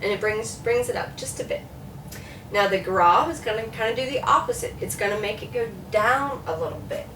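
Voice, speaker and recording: A woman's voice: a little high, brisk, fairly bright tone, far from the mic, slight background noise. Woman teaching French in an echoey room. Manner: chatty, repeats words to model pronunciation. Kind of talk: classroom lecture.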